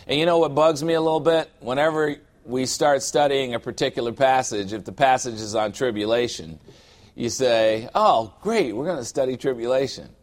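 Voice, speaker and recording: A man's voice: medium pitch, fairly even intonation, moderate pace. A middle-aged man preaching a sermon as a pastor, conversational and humorous, acting out little scenes from everyday life.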